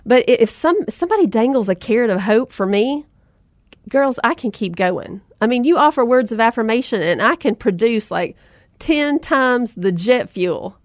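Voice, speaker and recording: A woman in her thirties hosts her own podcast, spinning a casual, self-deprecating story straight to her listeners. Her voice sits on the higher side and is captured dry and close, with no room sound around it. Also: animated, normal speed, dry recording. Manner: chatty, self-deprecating, addresses listeners as mamas. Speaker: podcast host.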